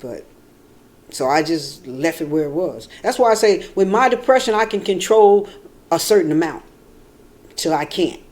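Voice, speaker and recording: At a moderate pace, a vlogger rambles through a casual story, lively and unfiltered with her swearing. She shifts between hushed, low stretches and sudden loud outbursts.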